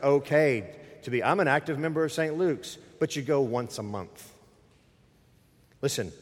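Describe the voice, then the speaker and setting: A man's voice: medium pitch, a little mellow, in a large hall. A middle-aged man preaching a sermon in a church, speaking emphatically and conversationally through a microphone and appealing directly to the congregation. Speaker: pastor. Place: church sanctuary.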